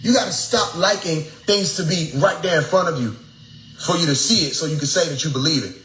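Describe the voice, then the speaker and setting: A young man, casually lecturing a group in an animated, preachy way and swearing freely. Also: on the high side, a little fast, soft background music. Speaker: speaker addressing his followers. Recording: echoey room with faint ambient noise.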